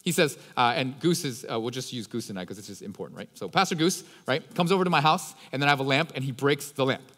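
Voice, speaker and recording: A man's voice: mid-range voice, quick pace, few pauses, a bit bright, in a large hall. A man preaching a sermon as a pastor, retelling a parable in a casual, slangy, conversational way.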